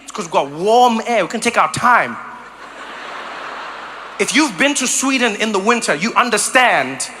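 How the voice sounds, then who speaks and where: A stand-up comedian from tells his stories in an animated way and keeps slipping into mock voices. His voice sits high and sounds bright and cutting, with faint background noise. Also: moderate pace, long pauses. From South Africa.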